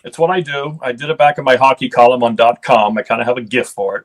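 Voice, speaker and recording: Middle-aged guy from ohio, mid pitch, rambles on with lots of restarts. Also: fairly even intonation, fast talker, noisy background. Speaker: guest. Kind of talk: casual storytelling.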